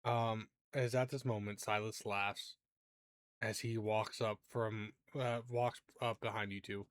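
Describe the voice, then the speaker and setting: A man narrating a tabletop game as game master, halting with many fillers and quick to laugh. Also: lowish voice, little pitch movement, smooth.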